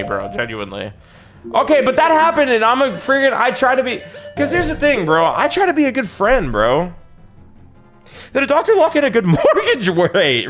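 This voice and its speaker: A man's voice: high-pitched, a bit bright. A young man chatting casually on a live game stream, rambling and swearing, calling his viewers bro. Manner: rambling, profane, says bro a lot.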